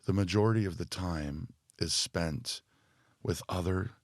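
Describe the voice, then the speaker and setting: A man speaking as a podcast guest and spiritual teacher, thoughtful and full of fillers, growing more animated as he explains. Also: low-pitched, measured pace, no echo, studio quality. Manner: thoughtful, speaks in loose phrases with many fillers. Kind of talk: reflective podcast conversation.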